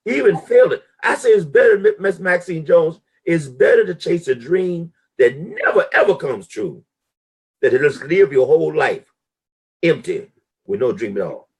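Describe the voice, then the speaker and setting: A middle-aged man, a guest on a live stream, gives a motivational talk in an expressive voice with a breathy edge, at a moderate pace. His delivery is emphatic and sweeping, preacher-like with big swings in pitch, and the audio comes through a live stream call.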